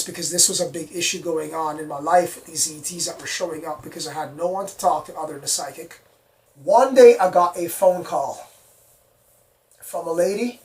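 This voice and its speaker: An excitable storyteller who rambles through a personal account and keeps repeating words. The voice sits at middle pitch and sounds somewhat far from the mic. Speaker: storyteller recounting an alien encounter. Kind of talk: casual spoken storytelling.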